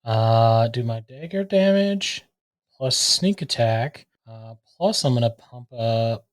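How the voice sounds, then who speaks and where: A man playing a tabletop game talks through his turn with eager energy. He checks the rules as he goes and speaks at an ordinary middle pitch. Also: expressive, takes it slowly. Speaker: player. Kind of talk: tabletop game play, casual chat.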